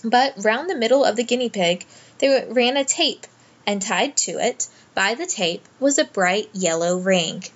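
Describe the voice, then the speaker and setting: A woman narrating a children's storybook aloud in a gentle, measured way. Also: a little high, highs cut off. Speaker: audiobook narrator.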